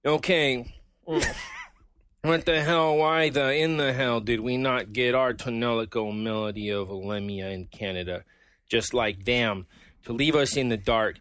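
A man's voice: medium pitch, measured pace, fairly bright tone, no room sound, clean studio sound. A sick man on a casual podcast, reading out an angry forum post with mock outrage. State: sick, stuffy. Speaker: podcast co-host.

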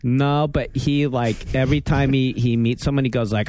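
A man's voice: mid-range voice, steady tone, normal speed, darkish tone. A man hosting a casual gaming podcast, rambling and wry, often stopping and restarting his sentences. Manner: rambling, self-interrupting, wry. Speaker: podcast host. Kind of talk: casual chat.

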